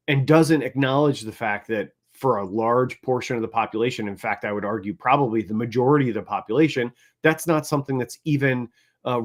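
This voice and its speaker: Man co-hosting a talk panel, tagging points with "right?". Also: medium pitch. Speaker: co-host. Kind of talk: casual panel discussion.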